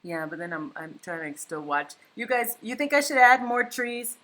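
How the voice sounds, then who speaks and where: A woman's voice: on the high side, lively intonation, moderate pace. Chatty woman hosting a live paint stream. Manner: chatty, reads viewer comments aloud and thinks out loud. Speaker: livestream painting host. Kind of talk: casual chat while painting live. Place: home, indoors.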